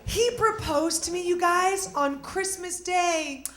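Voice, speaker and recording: A bubbly, exclamatory woman working a stand-up set. Her voice is very high and she takes her words slowly. The room sounds big and echoey. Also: fairly bright tone. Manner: bubbly, exclamatory, with mock outbursts. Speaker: stand-up comedian. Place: comedy club stage. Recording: roomy club stage sound.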